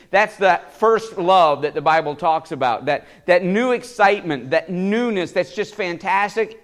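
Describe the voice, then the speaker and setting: A male pastor giving a sermon in a church, animated and chuckling, often repeating words as he restarts a thought. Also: high voice.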